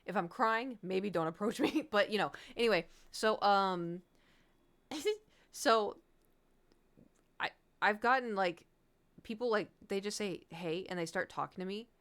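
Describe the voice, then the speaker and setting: A woman's voice: medium pitch, a little slow, a bit bright. A young woman streamer chatting casually from home to her viewers, telling stories with a lot of animation, acting out the quotes, giggling and sounding self-conscious.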